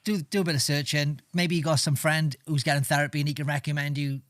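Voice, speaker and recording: Blunt, swearing podcast co-host. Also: male voice, on the high side, little pitch movement, quick pace, fairly bright tone, no room sound, studio quality. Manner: blunt, heavy swearing, rambling. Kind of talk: casual chat.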